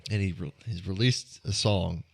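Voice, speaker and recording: A man's voice: deep voice, fairly even intonation, moderate pace, vocal fry. A man co-hosting a podcast, talking in a casual, rambling way with a nasal voice and lots of swearing. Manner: rambling, profane, joking. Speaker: podcast co-host. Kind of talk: casual chat.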